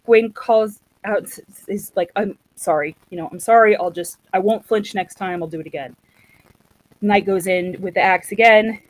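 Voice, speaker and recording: Woman, casual storyteller, animated, mid pitch, dry recording. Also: dry recording, poor audio. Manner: chatty, animated, acts out quotes.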